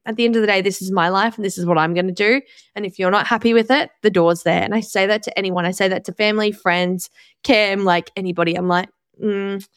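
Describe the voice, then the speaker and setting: Woman in her twenties, chatty and blunt, smooth voice, dry recording. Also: medium pitch, no echo. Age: 20s. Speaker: podcast host. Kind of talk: casual solo podcast monologue.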